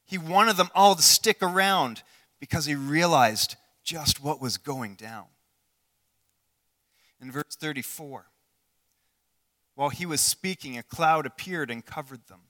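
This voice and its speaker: A man preaching with a bright, forceful voice that sits a little high for a man. He is earnest, asks his listeners direct questions, and moves between loud and hushed passages. The sound carries a long hall reverb. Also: a little slow, pauses often. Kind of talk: sermon.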